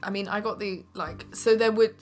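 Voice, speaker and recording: A woman with an English accent, a guest voice actor chatting in a relaxed, giggly, rambling way during a live-stream Q&A. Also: medium pitch, moderate pace, soft background music. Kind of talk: casual live-stream chat. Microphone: one mic shared with the host.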